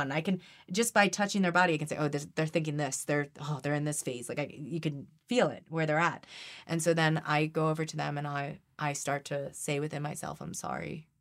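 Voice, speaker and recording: A woman energy healer, a podcast guest, talking earnestly and animatedly in an interview, repeating phrases and dropping to a hushed voice when she recites a prayer. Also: low voice. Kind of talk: conversational interview.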